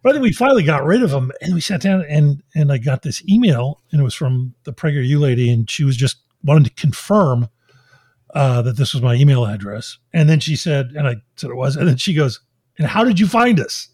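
A man's voice: medium pitch, fairly quick, slightly rough, dry recording. A man co-hosting a podcast, telling a story in casual chat and acting out the people he quotes. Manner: animated storyteller, laughs often, acts out quoted voices. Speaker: podcast co-host.

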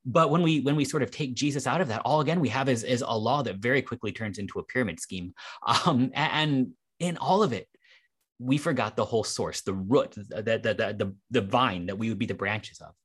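A man, a pastor co-host, working through ideas about faith in a casual conversation. His voice is slightly husky and sits at a middle pitch. He reasons aloud thoughtfully and often restarts his sentences. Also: a little fast.

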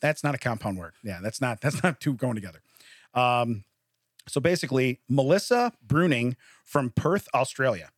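A man hosts a casual news-story chat, breaking into laughter between lines. His pitch swings widely as he tells each tale. The recording is dry and close. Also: moderate pace, no room sound. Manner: laughs often, animated storytelling. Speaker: podcast co-host. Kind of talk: casual chat, reading odd news stories.

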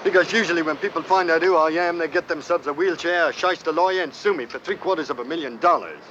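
A man's voice: on the high side, quick pace, noisy background, lightly acted. An actor playing a suave, wealthy young man with an affected posh drawl in an old film. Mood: aloof. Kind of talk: 1950s film acting. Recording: dull old film soundtrack.

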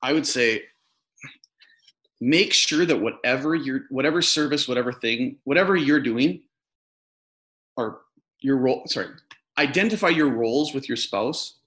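A man's voice: mid-range voice, normal speed, pauses often, a bit bright. A man talking as a podcast guest in casual interview chat, earnest and rambling, often restarting his sentences.

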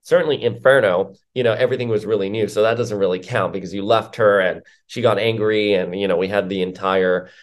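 A man's voice: lowish voice, steady tone, a little fast, hardly any pauses. A man giving casual, opinionated commentary as a comic book reviewer, rambling with filler words.

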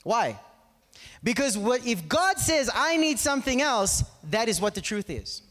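A man preaches an animated, conversational sermon full of anecdotes, constantly checking in with his audience. He has a very high voice and speaks a little slowly, with a long reverb tail following his words.

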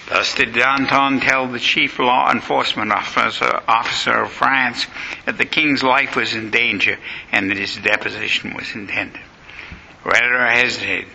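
A man's voice: mid-range voice, fairly even intonation, normal speed, gravelly, pushed and bright, breathy edge, rough recording. A man giving a dramatic history lecture, telling the story vividly and acting out the quotes.

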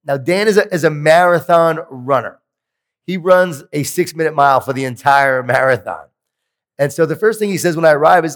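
A man delivers a motivational keynote with a fairly high voice, telling lively stories and poking fun at himself. His voice rings through a large hall with a long tail of reverb. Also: moderate pace. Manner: animated storytelling with self-deprecating humor. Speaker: keynote conference speaker.

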